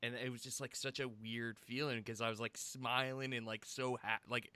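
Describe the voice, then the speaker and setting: A man's voice: mid-range voice, little pitch movement, moderate pace, bright, forceful tone, clear, resonant tone, dry recording. A man hosting a casual podcast, chatty and reflective, with many fillers. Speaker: podcast host.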